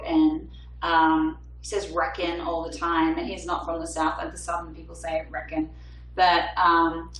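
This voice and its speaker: A woman's voice: lowish voice, a bit bright, echoey room, recorded from a distance, slight background noise, low-quality recording. A young woman, a singer-songwriter, chatting casually with viewers on a livestream from her apartment and reading out their comments. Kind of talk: casual livestream chat between songs.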